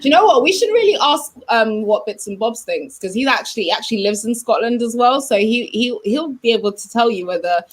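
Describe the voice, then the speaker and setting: Upbeat woman co-host, reads stats and chat shout-outs, casual tone. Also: on the high side, animated, a little fast, hardly any pauses.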